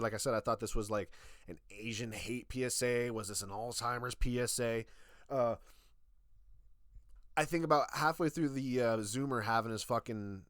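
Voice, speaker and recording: A man's voice: mid-range voice, fairly bright tone, no echo. A young man rants in a sarcastic, exasperated tone and swears freely. His voice sits in the middle range. The room is dry and close. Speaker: YouTube reviewer. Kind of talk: ranting commentary.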